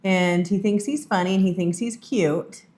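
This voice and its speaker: A woman's voice: mid-range voice, normal speed, darkish tone. A woman from Massachusetts co-hosting a casual podcast with her husband, bubbly and teasing. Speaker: podcast co-host. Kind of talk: casual chat.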